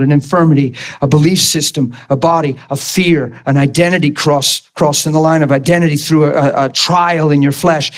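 Male preacher with a high voice, fervent sermon delivery that climbs into shouting. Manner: impassioned, rising to shouts when quoting himself.

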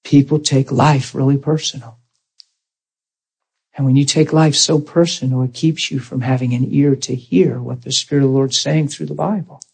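A man preaching to a congregation through a personal story, his voice husky and breathy at a middle pitch. He talks earnestly and acts out both sides of the conversation as he goes. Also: normal speed, poor audio. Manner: earnest, animated retelling with quoted dialogue. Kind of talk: storytelling sermon.

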